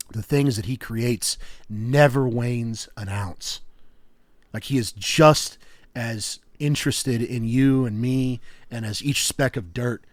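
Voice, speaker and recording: A young adult man on a podcast, telling stories in a rambling, animated way with lots of fillers. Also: mid-range voice, dry recording. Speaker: podcast co-host. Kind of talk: casual chat.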